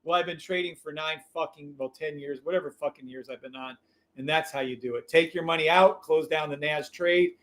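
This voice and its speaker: A man hosting a live trading stream, calling trades in an excitable, profane, loud way. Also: on the high side, brisk. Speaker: livestream trading host.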